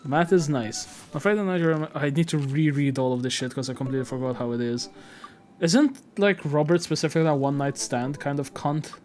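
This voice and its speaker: Excitable, foul-mouthed young male streamer. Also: a little high, brisk, slight background noise. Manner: excitable, profane outbursts. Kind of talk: live game stream commentary.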